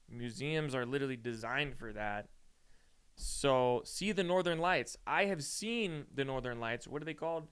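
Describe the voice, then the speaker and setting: This podcast host is a young man from Austin, Texas, with a smooth, fairly bright mid-range voice. Chatting casually on his own, he rambles and swears, says "dude" often, and sounds sore and yawns.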